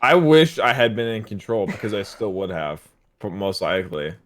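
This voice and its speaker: A man's voice: on the low side, very animated, moderate pace. A man co-hosting a podcast in casual chat, joking in a laid-back, dry way. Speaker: podcast co-host.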